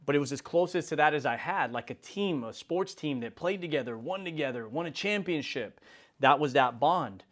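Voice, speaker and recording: A man in his forties hosts a motivational video in a loose, conversational way. His voice sits a little higher than most men's. He peppers his talk with slang and jumps into short acted-out exchanges. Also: expressive, moderate pace, fairly bright tone. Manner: casual, slangy, acts out quoted dialogue. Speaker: insurance business leader and video host.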